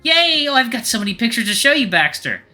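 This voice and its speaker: A man's voice: high-pitched, sing-song, a little fast, pushed and bright, faint music behind, voice pushed up, exaggerated voice. Man doing a gushing, sing-songy mom. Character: cheerful, excitable middle-aged mother. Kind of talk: visual novel read-aloud.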